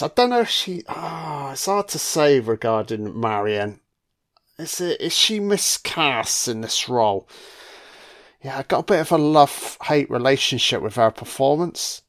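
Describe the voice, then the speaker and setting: A man doing a casual, crude film commentary, swearing freely and mocking the characters. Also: medium pitch.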